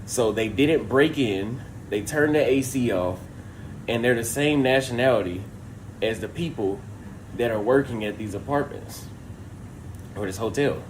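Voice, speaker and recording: A man's voice: medium pitch, a little slow, a little hiss or hum. A man on a livestream recounting a theft in an exasperated, profane rant, acting out what others said. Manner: exasperated, profane, acts out dialogue. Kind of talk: animated storytelling rant.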